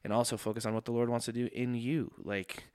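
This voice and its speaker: A man's voice: mid-range voice, flat delivery, quick pace, darkish tone, smooth, no room sound, studio quality. A man who is a pastor, talking about his faith in an earnest, reflective, casual way. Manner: reflective, earnest, thinking aloud.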